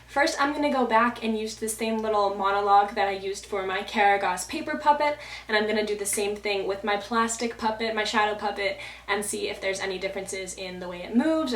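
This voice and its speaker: A young woman student chatting enthusiastically as she explains her project in a home basement. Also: mid-range voice. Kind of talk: casual explanatory video. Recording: echoey basement room.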